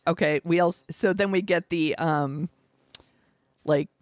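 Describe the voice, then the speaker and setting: On a podcast she co-hosts, a woman talks a little slowly in a voice on the low side, recorded dry with clean studio sound. Her casual movie chat rambles along, peppered with swearing, fillers and laughs.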